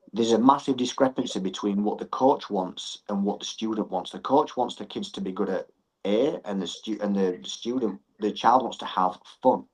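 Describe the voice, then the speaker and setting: A middle-aged man with a somewhat low voice. He explains things earnestly as a podcast guest and repeats phrases to drive a point home. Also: breathy edge, poor audio. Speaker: martial arts gym owner and coach.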